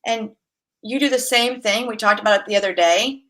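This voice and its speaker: With a somewhat high voice and a slightly quick pace, a woman in massage therapy tells stories as a guest in an informal interview. She laughs often and plays out the quoted voices.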